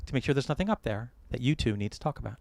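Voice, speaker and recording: Fast-talking American officiant man. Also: medium pitch, expressive, gravelly, no echo. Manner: warm joking advice, gentle storytelling. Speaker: wedding officiant. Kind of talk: wedding ceremony address. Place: outdoor or hall wedding ceremony.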